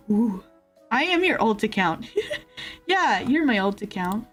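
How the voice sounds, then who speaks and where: A woman's voice: fairly high pitch, very animated, normal speed, a bit bright, soft background music. A young woman streamer chatting casually with her viewers, giggling often and answering chat messages. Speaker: VTuber streamer.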